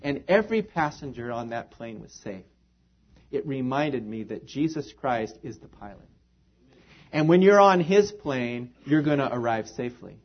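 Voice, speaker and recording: A man's voice: mid-range voice, animated, normal speed. A man preaching an earnest sermon in a church, repeating phrases for emphasis. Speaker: pastor. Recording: dull lo-fi recording.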